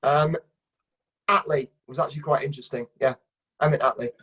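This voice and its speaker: A man's voice: fairly high pitch, fairly even intonation, brisk, fairly bright tone, breathy edge. A middle-aged man, a kids' entertainer, giving dry, teasing answers in a casual interview. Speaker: kids' entertainer and ventriloquist guest.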